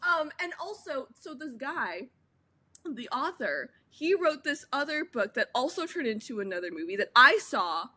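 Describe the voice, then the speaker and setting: A young woman chats on a podcast with her father, telling stories animatedly and with plenty of filler. Her voice is high and bright. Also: normal speed. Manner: animated storytelling with filler words. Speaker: podcast co-host, daughter. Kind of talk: casual chat.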